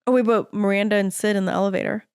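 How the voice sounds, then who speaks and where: Animated woman recapping a show. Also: mid-range voice, racing, clean tone, dry recording, clean studio sound. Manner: animated, acts out characters' lines while retelling. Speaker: podcast co-host. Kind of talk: casual chat recapping a TV show.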